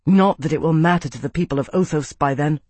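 A man voicing a thoughtful, grim young male army captain in a level, deliberate manner. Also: a little high, darkish tone, slightly rough, no echo.

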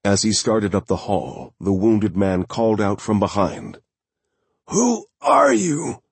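A man narrating a thriller audiobook in a steady, measured way. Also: lowish voice, no room sound.

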